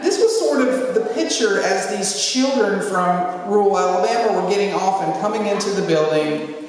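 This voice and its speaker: A woman's voice: mid-range voice, moderate pace, recorded from a distance, slight background noise. Woman pastor in an echoey hall. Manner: humorous, lively storytelling with acted-out quotes. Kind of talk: storytelling sermon. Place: large church sanctuary.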